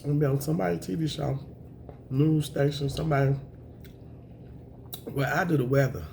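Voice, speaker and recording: A woman, chatting to camera on her eating show, emotional and thankful, with a voice that is raspy at times. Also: sits low, steady tone, fairly quick, dark tone, slight background noise. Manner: emotional, thankful, says y'all often. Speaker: mukbang vlogger.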